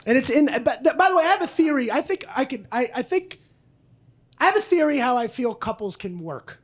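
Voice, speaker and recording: A man doing a stand-up comedy set on a club stage, loud and profane, acting out both sides of arguments. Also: very high-pitched, very animated, brisk. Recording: live club recording with audience noise.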